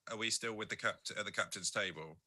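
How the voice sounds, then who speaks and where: A man plays a tabletop game as a guest, firing off jokey asides and quick questions. His voice is low but bright and cutting, and the sound is dry and close. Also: no room sound. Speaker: guest player. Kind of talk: playing a tabletop game on a call.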